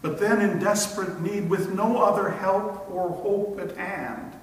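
A man preaching a sermon with slow, emphatic phrasing and long dramatic pauses. His voice sits somewhat high for a man. He is recorded from far off in a church, with a long, booming reverb. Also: fairly even intonation. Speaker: pastor. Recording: echoey church hall from far off.

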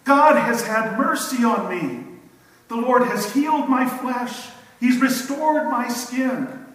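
A man voicing a healed leper, an overjoyed and grateful man who shouts his praise and then gives humble thanks. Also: very high voice, lively intonation, slow, pitched above the performer's own voice, full character voice. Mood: jubilant shouting. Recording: echoey hall from a distance.

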